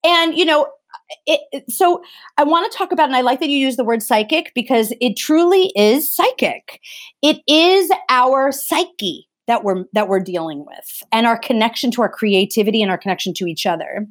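A woman's voice: fairly high pitch, fairly quick. A woman speaking as an interview guest, talking earnestly and with passion, often restarting her sentences. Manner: impassioned, emphatic, frequent restarts. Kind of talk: earnest conversational interview talk.

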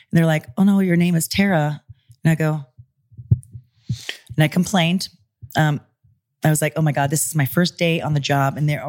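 A woman in her forties from California, telling stories in a casual interview and acting out the voices of people she quotes. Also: low voice. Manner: animated, acts out quoted voices. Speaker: interview guest, former pro wrestler. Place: studio in Los Angeles.

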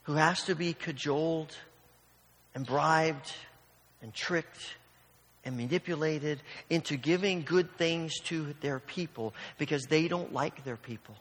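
Brief: male pastor, slightly high voice, conversational sermon, acts out little scenes, long hall reverb. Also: measured pace, a bit bright. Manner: storytelling with acted-out voices, conversational.

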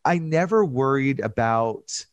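A man's voice: mid-range voice, animated, takes it slowly, dry recording, dull audio. A man being interviewed about his book, talking earnestly and emotionally with many restarts. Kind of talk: candid interview conversation.

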